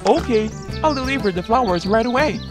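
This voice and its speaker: A woman's voice: a little high, animated, brisk, music in the background, natural voice. A woman voicing eager, chatty cartoon toy characters in a children's story. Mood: chirpy. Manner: chirpy, exclamatory dialogue.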